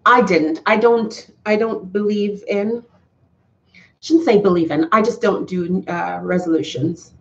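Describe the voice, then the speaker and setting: A woman chats with her live viewers in a heartfelt, earnest way, circling back and restarting her sentences. Her voice sits at a middle pitch. The sound is slightly dull and lo-fi. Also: a little slow. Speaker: YouTuber talking to live chat. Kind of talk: casual live-stream chat.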